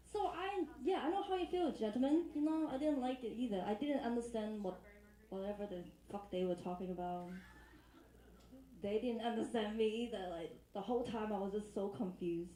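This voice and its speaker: A woman's voice: a little high, normal speed, dark tone. Comedian woman from China, echoey club. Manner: playful, teasing the audience. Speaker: stand-up comedian. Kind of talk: stand-up with crowd work. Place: comedy club stage, audience laughing. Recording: echoey live venue.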